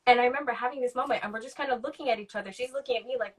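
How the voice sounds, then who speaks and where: A woman's voice: fairly high pitch, very fast, poor audio. A woman in her forties, a podcast guest, telling a candid personal story in a reflective way, acting out remembered dialogue with plenty of ums.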